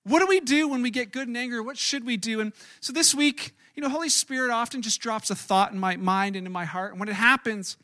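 A middle-aged man, a pastor, preaching a sermon through animated, self-mocking stories with acted-out quotes. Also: very high voice, a little fast, hardly any pauses. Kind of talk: storytelling sermon.

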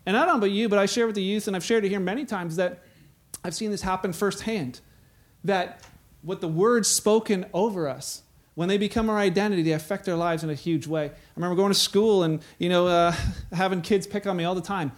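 A man's voice: sits high, brisk. A man preaching a sermon in a conversational way, acting out the voices he quotes.

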